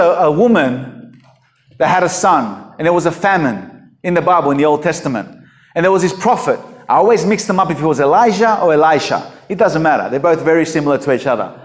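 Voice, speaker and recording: A man preaching a sermon in a conversational, emphatic storytelling way. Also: on the high side. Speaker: pastor.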